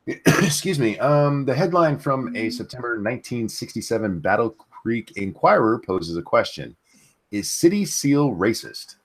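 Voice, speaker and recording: A man hosting a livestream, reading news stories aloud with halting restarts and self-corrections. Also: medium pitch, sing-song. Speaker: show host.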